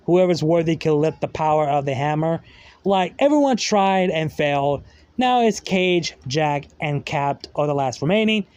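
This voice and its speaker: A man's voice: fairly high pitch, darkish tone, clear, resonant tone, no echo. A man casually retelling a fan story in a rambling way, full of fillers and loose grammar.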